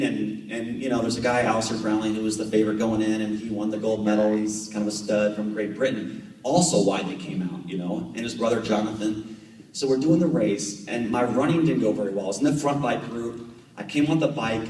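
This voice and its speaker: A man in his thirties, a triathlete guest speaker, telling jokey stories to a club meeting. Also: on the low side. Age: 30s. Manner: chatty, jokey, animated anecdotes. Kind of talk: storytelling talk to a club. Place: meeting room. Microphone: far camera. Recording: echoey room from far off.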